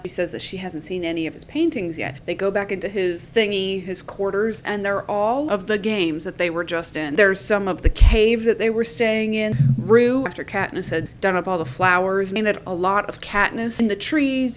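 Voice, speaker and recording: A woman's voice: mid-range voice, slight background noise. A woman with a Southern US accent, casually recapping a book in a chatty, swearing, playful way.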